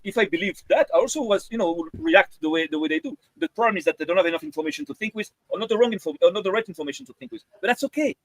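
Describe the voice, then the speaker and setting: High, fast, fervent man preaching. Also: animated, a bit bright, no echo, rough recording. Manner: earnest, repetitive, fervent. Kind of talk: earnest preaching to a community.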